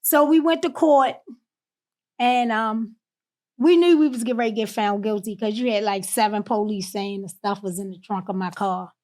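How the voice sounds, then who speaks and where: A woman from Baltimore, a podcast guest, telling a personal story candidly and emotionally, often drifting softer on painful moments. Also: medium pitch, moderate pace. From Baltimore, USA.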